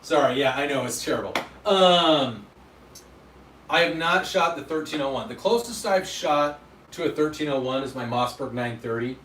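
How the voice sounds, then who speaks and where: A man's voice: mid-range voice, animated, normal speed, a bit bright. A man chats casually on his livestream, rambling and poking fun at himself as he answers viewers. His voice sits in the middle range. He sounds slightly distant in an echoey room, with faint background noise. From Utah, USA. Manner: rambling, self-deprecating, answers chat. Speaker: livestream host. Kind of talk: casual livestream chat reading comments.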